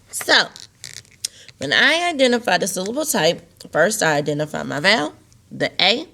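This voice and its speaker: Speaking in a fairly low, bright voice with a forceful tone, a female teacher guides young children through a video lesson on tape. Key words come up again and again, patiently emphasized with a sing-song lilt.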